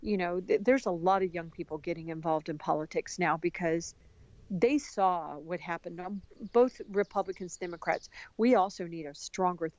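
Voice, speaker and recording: Chatty American woman guest, mid-pitch, dry slightly lo-fi sound. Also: moderate pace, no room sound. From United States. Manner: animated and talkative, many restarts. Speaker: podcast guest. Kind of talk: casual conversation.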